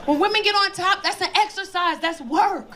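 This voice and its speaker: Here a stand-up comedian, a woman with a high voice, delivers her set at normal speed to a live audience. She's loud and animated, swearing through her stories, while the crowd's laughter fills the stage recording.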